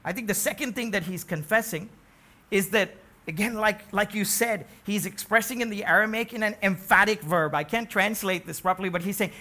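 High, bright-voiced preacher man. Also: expressive, fairly quick. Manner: emphatic, rising to near-shouts on key phrases, asks the congregation questions. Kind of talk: sermon.

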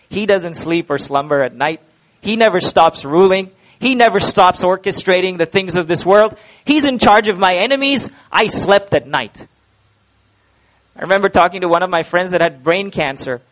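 A man's voice: high voice, normal speed, fairly bright tone, low-quality recording. A male preacher, delivering a sermon emphatically, with rhetorical questions and repeated words.

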